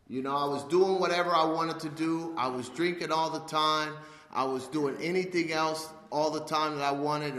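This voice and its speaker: A man's voice: a little high, sharp tone. A man in his fifties telling his life story to an audience, acting out the voices of the people in it. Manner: storytelling, acts out quoted voices. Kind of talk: personal testimony talk. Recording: echoey hall with long reverb.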